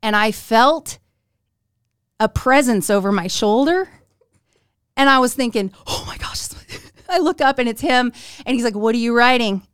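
A middle-aged woman hosting a podcast and telling a story, animated and giggly, acting out the lines she quotes. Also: a little high, normal speed, pauses often, smooth, no room sound, studio quality. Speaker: podcast host. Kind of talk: casual storytelling chat.

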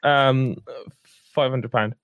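Deadpan man with a mid voice. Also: mid-range voice, slow, clean tone, no echo, highs cut off. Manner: deadpan, hesitant with frequent "um". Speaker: podcast host and editor. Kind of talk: improvised comedy sketch and casual chat.

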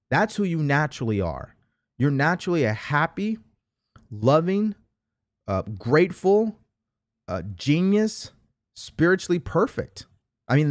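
A man's voice: a little high, no echo, studio quality. A man giving an emphatic motivational talk, full of rhetorical questions and repeated phrases. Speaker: motivational speaker. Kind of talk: motivational monologue.

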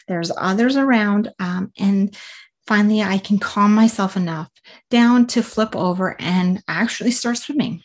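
Chatty woman telling a race story. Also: medium pitch. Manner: chatty, with frequent fillers and restarts; speaks directly to listeners with advice. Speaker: triathlete recounting a race. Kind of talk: casual spoken storytelling.

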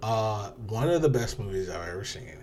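Blunt man with a lively voice. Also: on the low side, moderate pace, slight background noise. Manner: blunt, opinionated, swears casually. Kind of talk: casual chat.

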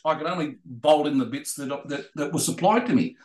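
A man's voice: a little high, fast, reverberant. Rambling Australian man telling racing stories. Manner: rambling, animated anecdotes with restarts. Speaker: guest racing driver. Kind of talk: storytelling in a podcast interview.

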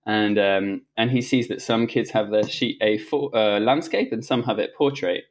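A man's voice: fairly low pitch, normal speed. A middle-aged man, a guest on a talk show, telling a personal story in a loose, conversational way with many restarts and fillers. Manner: rambling, frequent restarts and fillers, laughs while telling stories. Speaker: interview guest.

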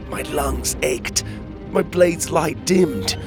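A man narrating a children's fantasy adventure in the first person, reading at a measured, steady pace. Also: on the low side, music in the background. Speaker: storyteller.

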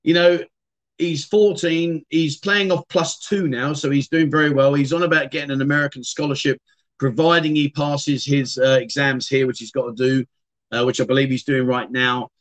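A middle-aged man chats and rambles through a casual livestream, responding to what viewers write. His medium-pitched voice holds a fairly even intonation at a moderate pace.

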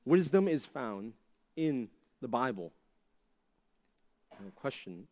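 The speaker is a youth pastor in his young adult years giving a slow, conversational sermon to junior high kids. He stays animated throughout and leans heavily on rhetorical questions.

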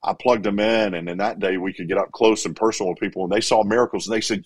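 A middle-aged evangelist being interviewed, spinning a long personal story. His voice sits somewhat low, and he tells it with animated energy. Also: fast talker. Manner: animated, acts out quotes.

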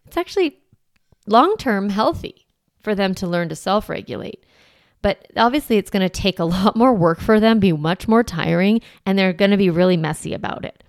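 A woman parenting coach hosting a podcast, talking earnestly and gently and explaining with everyday examples. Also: medium pitch, expressive, moderate pace, dry recording, studio quality. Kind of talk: conversational advice podcast.

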